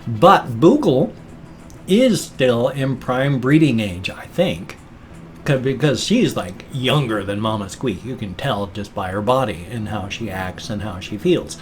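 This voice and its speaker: A middle-aged man chatting casually in a daily home vlog, rambling and playful with deadpan jokes, recorded on a webcam. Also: medium pitch, a little slow, faint music behind. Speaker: daily vlogger. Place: at home, indoors.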